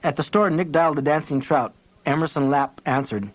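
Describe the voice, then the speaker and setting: A man narrating an audiobook with lively, dramatic delivery in a somewhat high voice. The sound is dull and lo-fi, like a worn cassette. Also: brisk.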